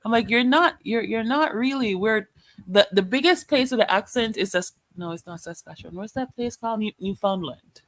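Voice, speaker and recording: A woman's voice: mid-range voice, lively intonation, normal speed, fairly bright tone, no echo. A woman co-hosting a livestream, chatty and laughing easily in casual conversation. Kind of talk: casual live-stream chat.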